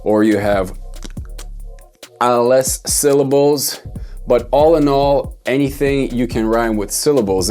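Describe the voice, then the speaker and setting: Slow, rambling man explaining rhymes. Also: mid-range voice, a little mellow. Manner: rambling, self-correcting, thinking aloud. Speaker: songwriting teacher. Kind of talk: loose explanatory lesson.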